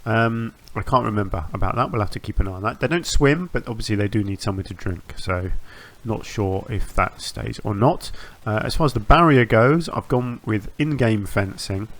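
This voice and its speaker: A man with a fairly low voice hosts his gaming channel, chatting easily through his build as he plays. He wanders from thought to thought, trips over his own phrases and restarts them, and fills the gaps with ums and uhs. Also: normal speed, few pauses. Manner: rambling, self-correcting, with frequent ums and restarts. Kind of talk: relaxed gameplay commentary.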